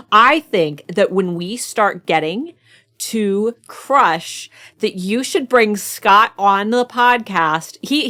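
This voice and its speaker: American woman co-host, mid-pitched voice, teasing and quick to giggle in relaxed book talk. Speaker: podcast co-host. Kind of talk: casual chat.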